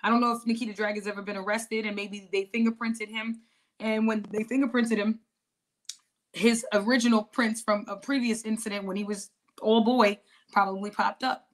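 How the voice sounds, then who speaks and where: A woman's voice: mid-range voice, fairly even intonation, moderate pace. A woman hosting a podcast, chatting casually and rambling a little, with frequent restarts and laughs. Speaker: podcast host. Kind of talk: casual interview chat.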